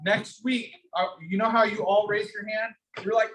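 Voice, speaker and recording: The clip features a teacher pressing an entrepreneurship class hard and directly calling on students by name with fired-up energy. A medium-pitched voice at a moderate pace fills an echoey classroom.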